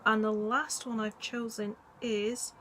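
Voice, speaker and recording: A woman's voice: fairly high pitch, level tone, slow pace, very noisy. Chatty woman rambling about movies. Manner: chatty, rambling, many ums and asides. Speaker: movie vlogger. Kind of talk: casual chat.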